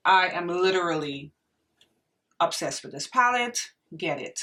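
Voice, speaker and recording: Young woman, beauty vlogger, gushing and exclamatory, bright forceful tone, a little off-mic. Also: lowish voice, expressive, a little slow, far from the mic. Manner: gushing, exclamatory, talks to viewers as friends. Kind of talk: casual makeup review vlog.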